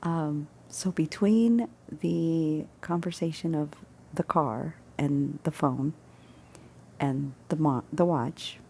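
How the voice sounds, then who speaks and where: A woman's voice: low-pitched, slow pace, gravelly, darkish tone, slight background noise. A woman casually telling a personal story, rambling and correcting herself as she goes. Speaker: storyteller sharing personal stories.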